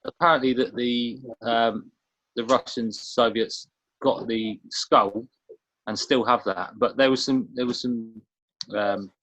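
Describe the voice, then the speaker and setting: A man on a podcast, recounting a theory in a halting, hesitant way. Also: medium pitch, steady tone, fairly bright tone, no echo. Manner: hesitant, halting, many restarts. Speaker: podcast co-host. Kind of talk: casual conversation. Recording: dull dry lo-fi sound.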